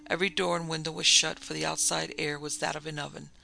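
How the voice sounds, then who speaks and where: A man narrating a classic story for an audiobook in a measured, descriptive way. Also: a little high, little pitch movement, vocal fry, sharp tone, rough recording.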